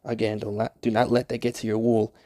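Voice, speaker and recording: A young Minecraft tutorial maker talks briskly over gameplay in a lowish, warm voice with a completely flat delivery. The recording is clean studio sound with no echo, while he rambles casually, swears a lot, and is easily irritated.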